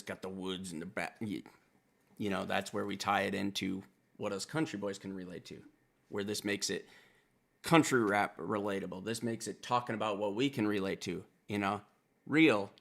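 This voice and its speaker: Gravelly low-voiced man reacting to music. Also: moderate pace. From Wisconsin. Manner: blunt and profane, excitable, talks in bursts. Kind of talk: casual reaction commentary.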